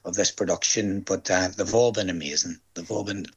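A man's voice: low voice, a little fast, breathy edge. An older man with a Northern Irish accent, a stage actor chatting in an interview, telling stories and acting out the voices of the people he quotes. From Northern Ireland. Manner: chatty storyteller, quotes others in lively voices. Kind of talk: casual interview chat.

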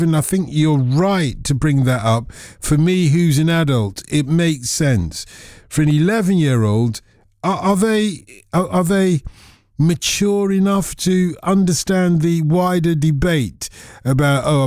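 A man's voice: a little high, a little mellow, no room sound. A man hosting a radio phone-in, chatting playfully with callers and rambling through restarts from a studio microphone. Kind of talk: casual radio chat with callers.

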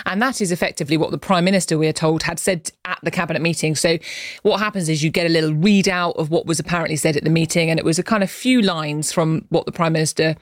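A political correspondent recounting events on a news podcast, frank and lively, with some fillers. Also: mid-range voice, fast talker, no echo, studio quality. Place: studio.

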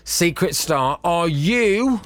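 A man's voice: on the high side, expressive, slow pace, faint music behind. A man hosting a radio phone-in, chatty, teasing and upbeat. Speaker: radio show host. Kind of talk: lively radio phone-in chat. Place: radio studio.

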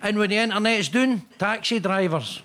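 A man's voice: sits high, normal speed, heavy background noise. A Scottish man on a comedy panel, joking in a chatty way and tripping over repeated words. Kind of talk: comic panel banter.

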